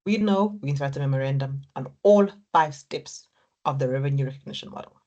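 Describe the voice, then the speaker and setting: Low-voiced woman lecturing on exam technique. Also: brisk, dark tone, lo-fi sound. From Africa. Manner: encouraging, repetitive, talks students through steps. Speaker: accounting lecturer.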